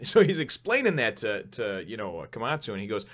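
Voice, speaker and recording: A man's voice: fairly low pitch, big pitch swings, a little fast, few pauses, a bit bright. A man casually reviewing a manga chapter, rambling with many fillers, laughing often and swearing now and then.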